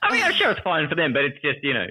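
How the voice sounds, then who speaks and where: A man's voice: fairly high pitch, wildly swooping pitch, very fast, pushed and bright, breathy edge, dry recording, poor audio. A man with an Australian accent in casual chat, jokey and self-mocking, laughing often.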